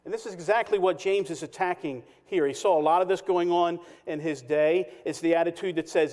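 Man, pastor, sermon, high voice, emphatic measured delivery, long church reverb. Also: darkish tone. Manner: emphatic, measured preaching with dramatic pauses. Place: church sanctuary.

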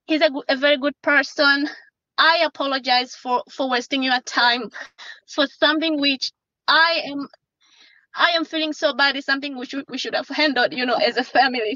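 High, bright-voiced woman pleading in court. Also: fairly even intonation, dry recording. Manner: halting, pleading, many restarts. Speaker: witness and mother in a court hearing. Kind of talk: courtroom testimony by video call. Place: inside a parked car. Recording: lo-fi dry call audio.

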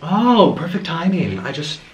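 Eating on camera at home, a young man rambles casually between bites in a slightly high, very animated voice at a somewhat slow pace. The recording has its highs cut off, slight background noise and a roomy echo.

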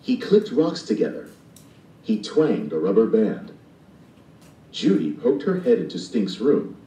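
A man reads a children's storybook aloud at an unhurried pace, acting out the sound effects. His pitch is highly animated and his tone is mellow. It comes from a distance with a roomy echo. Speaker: storybook narrator. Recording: distant and echoey playback.

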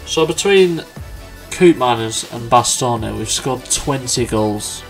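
A young man casually commenting on a football management game, chatty and excitable. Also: medium pitch. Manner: chatty, excitable, quick laughs and exclamations. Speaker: gaming YouTuber. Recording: faint background music.

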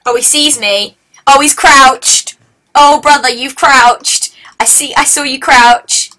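Excitable woman gaming host, high voice. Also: slow. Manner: excitable, yelling at the game. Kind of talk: casual let's-play commentary.

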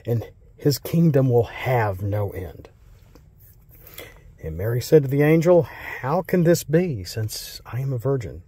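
An American man reading Bible verses slowly and solemnly, then explaining them in a casual, rambling way. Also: medium pitch, warm tone, slightly rough, dry recording. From United States. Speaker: Bible teacher.

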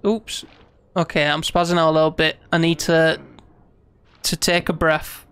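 A man streaming live gameplay, frustrated and swearing, then coaxing himself to stay calm. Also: on the high side, moderate pace, clean tone.

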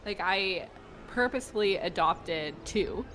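Relaxed chatty young woman. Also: mid-range voice, slow pace, slight background noise, low-quality recording. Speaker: stream guest. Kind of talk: casual chat.

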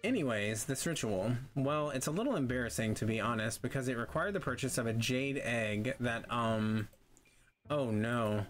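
A man's voice: medium pitch, lively intonation, moderate pace, a little hiss or hum, lightly acted. A man reading out the lines of a flustered, chatty woman witch in a video game, in an eager, rambling, self-conscious way. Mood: flustered chatter.

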